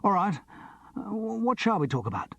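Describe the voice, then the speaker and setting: A man's voice: high voice, very animated, moderate pace, vocal fry, no echo, pitched above the performer's own voice, heavily acted. A man voicing a nervous, theatrical young actor with a camp, lightly mocking way of talking.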